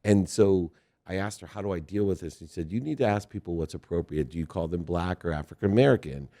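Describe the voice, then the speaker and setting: This interview host is a middle-aged man from Ohio whose low, mellow voice moves quickly. The conversation is casual, and he tends to ramble, make self-deprecating remarks, and laugh a lot.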